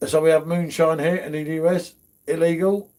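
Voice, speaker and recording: Pitched on the high side and a little mellow, this middle-aged beer channel host talks at normal speed with little pitch movement. He keeps his casual livestream full of chatty banter, calling people "mate" a lot.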